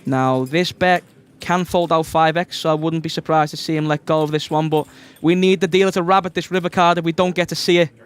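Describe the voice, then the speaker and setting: A man with a Scouse accent calls a live poker stream. His voice sits a little high and sounds smooth and clear. He gets excitable and shouts out the big cards. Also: a little fast, few pauses. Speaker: poker commentator.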